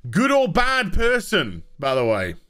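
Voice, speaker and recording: A man's voice: sits high, wildly swooping pitch, measured pace, fairly bright tone. A man giving a sarcastic, profane TV review rant. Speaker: host. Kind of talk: ranting TV review.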